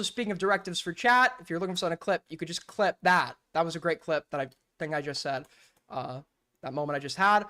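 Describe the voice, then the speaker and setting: A man's voice: high-pitched, sharp tone. A man commenting on clips on his stream, blunt and mocking, with frequent swearing.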